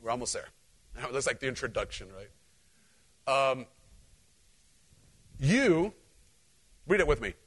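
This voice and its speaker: A man's voice: mid-range voice, slow, long pauses. A male pastor preaching a conversational sermon, telling personal stories and talking directly to his congregation. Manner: animated, talks directly to the congregation.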